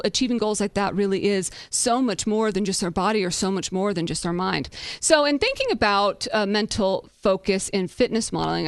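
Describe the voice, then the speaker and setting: A woman's voice: fairly high pitch, no room sound, studio quality. A woman in her thirties hosting a podcast, telling a story in a candid, upbeat way and now and then swearing. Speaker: podcast host.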